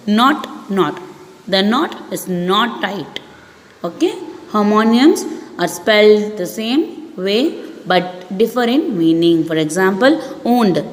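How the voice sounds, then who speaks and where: A woman schoolteacher with an Indian English accent goes over vocabulary for her pupils, saying each word twice with care. Her voice rings in a roomy, echoing space with a long reverb tail. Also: mid-range voice. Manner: repeats each word slowly, addresses pupils as "ma". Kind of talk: online English lesson. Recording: echoey room, long reverb.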